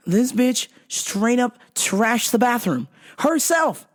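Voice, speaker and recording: A woman's voice: fairly high pitch, sing-song, slow, hardly any pauses, no room sound, studio quality. A woman hosting a podcast, telling stories in a blunt, profane, casual way and laughing often. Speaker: podcast host. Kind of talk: casual storytelling chat.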